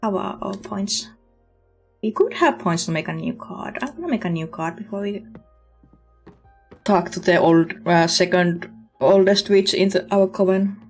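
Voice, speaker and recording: A woman's voice: mid-range voice, normal speed, pauses often, slightly rough, soft background music. A woman streamer chatting casually and candidly while playing a game. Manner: chatty and candid, reacting with laughs.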